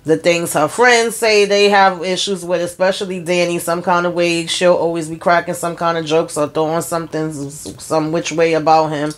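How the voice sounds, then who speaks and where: A woman's voice: lowish voice, level tone, moderate pace, few pauses. A woman hosting her own channel, chatting frankly as she recaps a TV episode and gives her opinion, retelling scenes with quoted lines. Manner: drawling informal speech, many fillers. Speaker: TV episode reviewer, channel host.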